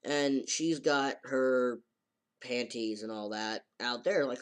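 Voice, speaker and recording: Rambling, halting man recapping an episode. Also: mid-range voice. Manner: rambling, halting, with many fillers and restarts. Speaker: anime reviewer. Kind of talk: casual recap.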